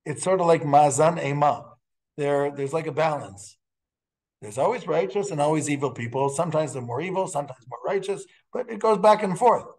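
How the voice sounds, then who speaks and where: A man teaching as a rabbi in a lecture, talking in halting phrases with frequent restarts and telling stories with quiet laughs. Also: fairly high pitch, lively intonation. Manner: storytelling with laughs and Hebrew quotes. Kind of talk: classroom lecture.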